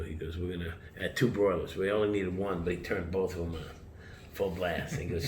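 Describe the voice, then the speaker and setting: Middle-aged american chef guy, real low voice, rambling stories w/ swearing, roomy echo. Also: steady tone, a little fast. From United States. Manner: rambling anecdotes, swears, acts out quotes. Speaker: chef, interview guest. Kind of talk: casual storytelling interview. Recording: roomy with faint background noise.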